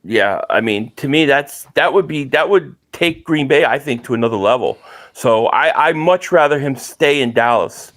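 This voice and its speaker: A man who is a guest on a sports podcast, arguing his points in a measured, casual way. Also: mid-range voice, lively intonation, fairly bright tone.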